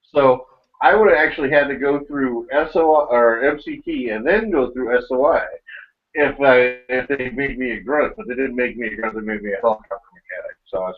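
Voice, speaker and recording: A man's voice: medium pitch, fairly quick. Ex-marine guy explaining stuff matter-of-factly, dull lo-fi sound. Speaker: Marine Corps veteran. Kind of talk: casual chat. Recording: dull lo-fi recording.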